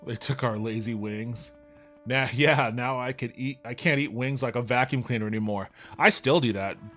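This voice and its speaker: A man's voice: medium pitch, normal speed, a bit bright. A man talks through his gameplay in a loose, rambling way. He drifts into jokey asides and swears when a fight goes badly. Faint game music plays behind him. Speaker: let's play host. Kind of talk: casual gameplay commentary.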